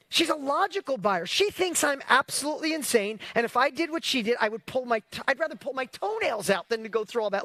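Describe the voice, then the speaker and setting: Man, host, casual motivational livestream, energetic, rhetorical questions, high pitch, dry close sound. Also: fairly quick, no room sound. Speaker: host of an online business challenge.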